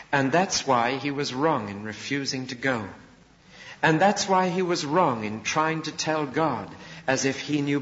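A man preaching a sermon, retelling a story and acting out its voices with feeling. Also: medium pitch. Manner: expressive storytelling, acting out voices of prophet and God. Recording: dull lo-fi recording with long reverb.

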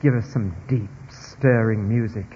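A man preaching a sermon, expressive, moving between hushed stretches and emphatic ones, in a dull recording with long hall reverb from a church or large hall. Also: fairly low pitch, unhurried, slight background noise.

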